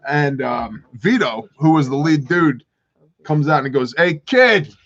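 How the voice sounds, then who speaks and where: A man hosting a livestream, telling an animated story and laughing often as he acts out the other people's voices. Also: medium pitch, a little slow. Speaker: prepper channel host. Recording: dull lo-fi livestream audio.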